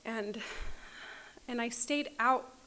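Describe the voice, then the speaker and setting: A woman's voice: on the high side, slow pace, sharp tone. A woman telling her recovery story at a meeting, candid and often laughing as she acts out her past self. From Utah. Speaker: AA meeting speaker. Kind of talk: personal recovery talk. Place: meeting room.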